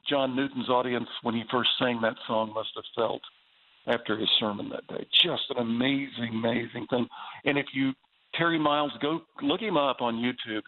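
A man with a Southern US accent, a guest on a faith talk show, speaking earnestly and with enthusiasm. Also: mid-range voice. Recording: tinny phone line.

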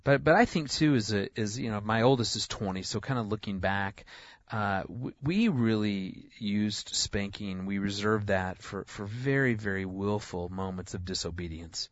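A man in his forties who talks about parenting in casual conversation, an animated storyteller who often restarts his sentences. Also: fairly low pitch, normal speed, no room sound, highs cut off. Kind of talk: conversational discussion.

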